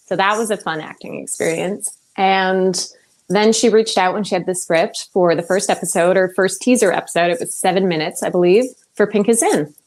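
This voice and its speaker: Chatty woman with a lowish voice. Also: poor audio. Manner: chatty, upbeat, many fillers. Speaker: guest actor and producer. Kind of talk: casual interview chat.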